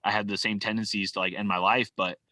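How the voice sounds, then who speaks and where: The man, a California podcast guest, talks fast in a lowish voice with little pitch movement and a bright, forceful tone, captured dry. He keeps things casual and sincere, filling his speech with "like" and "man."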